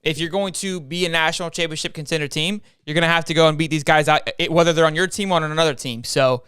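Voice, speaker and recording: A young man hosting a casual sports talk stream, energetic and repeating his words as he goes. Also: on the high side, fast, clean tone, no room sound, clean studio sound. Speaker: host.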